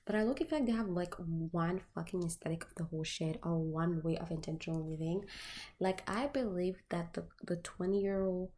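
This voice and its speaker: A woman's voice: lowish voice, fairly even intonation, moderate pace, warm tone. A woman tarot reader chatting casually to her viewers, candid and profane, full of filler words.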